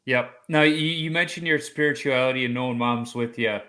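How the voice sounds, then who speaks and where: A man hosting a podcast, telling a personal story in a lively conversational way and acting out the voices he quotes. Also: medium pitch, a little fast. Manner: animated storyteller who acts out quoted voices. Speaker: podcast host.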